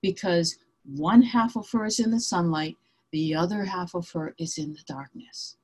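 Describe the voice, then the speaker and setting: A woman spiritual teacher explaining her ideas in a calm, meditative way during a reflective conversation. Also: on the low side, normal speed, husky.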